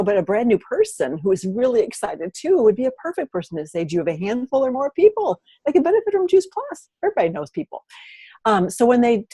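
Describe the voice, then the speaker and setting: An older woman giving an enthusiastic training talk at a team meeting, animated and excitable, with sudden jumps in pitch. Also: slightly rough, no room sound.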